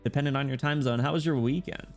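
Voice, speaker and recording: A man's voice: medium pitch, fairly even intonation, fast talker, soft background music. A man streaming a game, chatting casually with viewers and reading story text aloud, with lots of filler words. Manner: chatty, talks directly to viewers, frequent "like" fillers; reads story text aloud in a softer, quieter voice.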